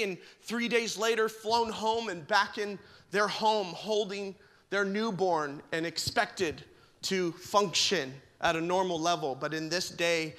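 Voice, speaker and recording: A high, bright male voice preaching with a joking, conversational touch. His words ring out with a long hall reverb behind them, and he shifts easily between stories and the message. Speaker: pastor. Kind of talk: sermon with humorous stories.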